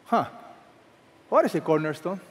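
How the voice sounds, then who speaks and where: A man's voice: sits high, very animated, moderate pace. A man preaching a sermon as pastor, emphatic, asking the congregation questions and having them read along. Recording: echoey hall with long reverb.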